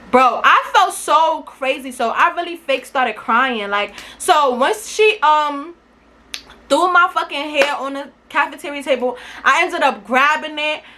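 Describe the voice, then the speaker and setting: A young woman telling a casual storytime, animated, emphatic and full of profanity. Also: high-pitched. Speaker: vlogger.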